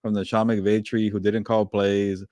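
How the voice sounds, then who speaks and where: Low-voiced man in lively sports banter. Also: a little slow, no echo, studio quality. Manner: animated, laughing, with frequent fillers and restarts. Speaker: podcast co-host. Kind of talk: casual sports chat.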